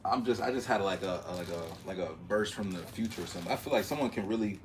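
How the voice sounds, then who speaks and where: A man's voice: on the low side, fast talker, a little hiss or hum. A man chatting casually and playfully as a guest on a family livestream. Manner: playful, laid-back. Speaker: guest, host's brother. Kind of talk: casual joking chat.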